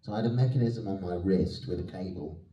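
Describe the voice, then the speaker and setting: Male panel guest, low pitch, mellow tone, easygoing storyteller; roomy hall sound, distant mic. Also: quick pace, muffled recording, slight background noise. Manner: chatty, self-deprecating, laughs often. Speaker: guest actor on a convention panel. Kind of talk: anecdotal panel Q&A. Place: convention hall.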